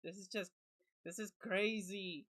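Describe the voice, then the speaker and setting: A man streaming a horror game, reacting in casual, excitable chat full of slang and switching between English and Spanish. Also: high voice, a little slow, dry recording, poor audio.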